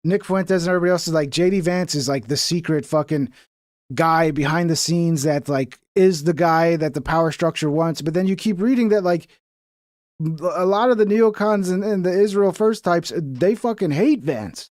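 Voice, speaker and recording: A man's voice: on the high side, moderate pace, a little mellow, dry recording, studio quality. A man streaming casual reaction commentary, sarcastic and profane as he mocks what he watches.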